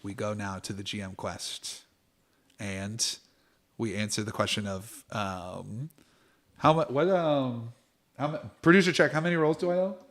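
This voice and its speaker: A man's voice: on the low side, measured pace, fairly bright tone. A man narrating as game master for a tabletop game stream, playful and theatrical, with many fillers.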